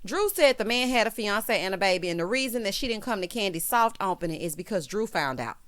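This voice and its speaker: Sassy Southern woman, Texas-raised, lively pitch swings, reality-TV recap vlogger. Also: brisk. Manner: sassy, animated, peppered with 'honey'.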